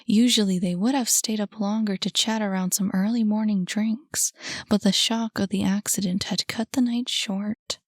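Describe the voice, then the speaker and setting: A woman narrating an audiobook in a measured, calm way. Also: medium pitch, dry recording, clean studio sound. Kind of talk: scripted narration.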